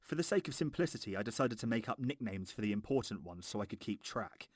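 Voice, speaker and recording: A man's voice: on the low side, expressive, quick pace, no echo, studio quality. A man with a posh Home Counties English accent, narrating a sarcastic, sweary film review.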